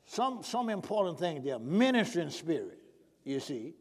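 A man's voice: on the high side, big pitch swings, moderate pace. A male preacher delivering a sermon, prodding the congregation with call-and-response questions.

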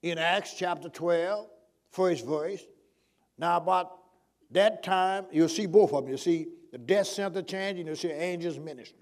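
A man's voice: high voice, a little slow, a little mellow. A male preacher delivering a sermon, prodding the congregation with call-and-response questions.

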